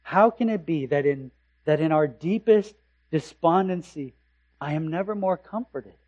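A male pastor preaching slowly and deliberately in a fairly high voice. He swings between loud, fervent emphasis and hushed, quiet lines, and asks rhetorical questions of his congregation. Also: dull audio. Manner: impassioned preaching, rising to loud emphasis and dropping to hushed tones. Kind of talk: sermon.

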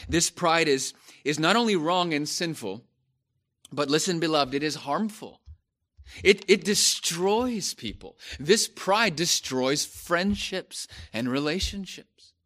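A man preaching a sermon, slow and emphatic, repeating phrases and rising to stress key points. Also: fairly high pitch, expressive, a bit bright.

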